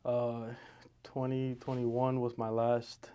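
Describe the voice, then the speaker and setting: A man's voice: mid-range voice, completely flat delivery, slow, warm tone, clean tone. A man in his twenties from the Dominican Republic, co-hosting a casual podcast in a laid-back, joking way. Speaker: podcast co-host, realtor. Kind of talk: casual chat.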